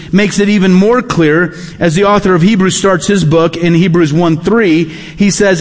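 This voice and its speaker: A man preaching a sermon as a pastor, emphatic and repeating key phrases, often dropping low at the ends of phrases. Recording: long reverb of a large hall.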